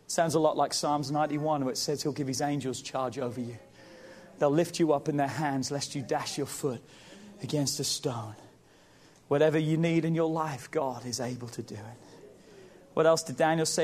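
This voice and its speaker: A man's voice: mid-range voice, moderate pace, darkish tone. A man preaching a sermon as pastor, building intensity and calling out to the congregation. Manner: preaching with rising intensity and call-and-response.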